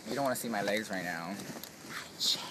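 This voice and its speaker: Campy drag performer goofing around on set, rain and outdoor noise behind him. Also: male voice, lowish voice, brisk. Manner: campy, joking, playfully crude. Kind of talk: casual behind-the-scenes chat. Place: outdoors in the rain at a video shoot.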